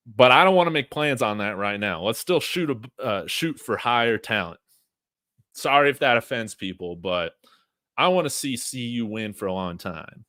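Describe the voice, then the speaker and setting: A man's voice: mid-range voice, a bit bright, dry recording. A man hosts a sports fan livestream, speaking off the cuff to his audience. His voice sits mid-range and sounds close and dry. He rambles casually, with plenty of fillers and restarts. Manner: chatty, frequent fillers and restarts; addresses viewers directly. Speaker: sports fan show host. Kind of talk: livestream watch-along commentary.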